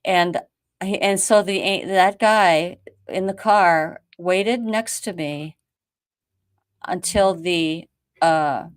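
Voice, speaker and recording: A woman from the United States hosting a show, telling a story in a lively casual way, acting out quotes with many restarts. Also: fairly low pitch, takes it slowly, no echo, studio quality. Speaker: host.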